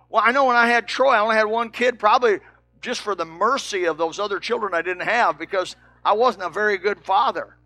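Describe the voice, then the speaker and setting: An older man preaching a sermon, swinging from shouts to soft, low asides.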